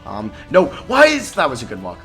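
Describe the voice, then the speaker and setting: A man giving live commentary on his own basketball video game, excitable and jumping between loud outbursts and low mutters. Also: a little fast, soft background music.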